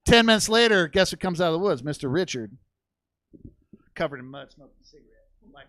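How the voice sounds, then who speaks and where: A man's voice: fairly high pitch, big pitch swings, fast, a bit bright, no echo. Rambling profane male stand-up, dry sound. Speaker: stand-up comedian. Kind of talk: stand-up storytelling. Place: comedy theater stage.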